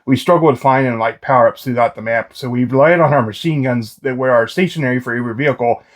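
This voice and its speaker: A man co-hosts a relaxed video game discussion in a mid-range voice. He walks through gameplay details at length, with frequent "like" and "uh". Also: medium pitch, fast. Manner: explains details with fillers. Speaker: co-host.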